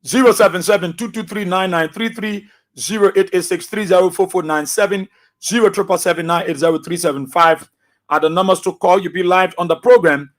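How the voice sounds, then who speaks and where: A man's voice: high-pitched, steady tone, brisk. A man with a Liberian English accent hosting a call-in radio talk show, ranting combatively at opponents before taking calls. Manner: combative, scolding rants at opponents.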